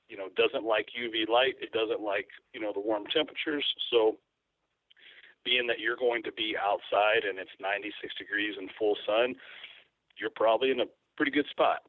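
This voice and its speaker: A man's voice: fairly low pitch, dry recording. A man talking casually as an interview guest, rambling with fillers and restarts. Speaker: guest, hunting photographer. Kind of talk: casual interview over the phone. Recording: tinny phone line.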